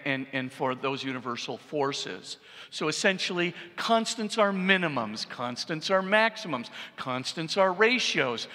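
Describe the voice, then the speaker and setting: A middle-aged man, a priest, giving an animated public lecture and often checking with the audience. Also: fairly high pitch. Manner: animated, repeats for emphasis, asks the audience "right?". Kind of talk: public lecture on science and faith. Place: large church. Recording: long reverb in a church hall.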